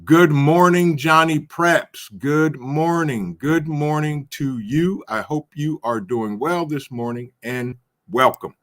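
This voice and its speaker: Easygoing guy hosting a stream, reads out chat, greets folks, chuckles a lot, slow and unhurried. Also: fairly high pitch, fairly bright tone. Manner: upbeat, reads viewer comments aloud and greets each by name; chuckles often. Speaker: livestream host reading chat. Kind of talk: casual chat.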